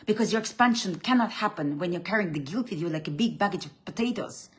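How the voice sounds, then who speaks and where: Blunt, preachy woman with a lowish voice. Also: expressive, fast talker. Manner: blunt, preachy, swings between loud emphatic bursts and low quiet lines; restarts and repeats words mid-thought. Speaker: spiritual coach. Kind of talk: motivational faith talk.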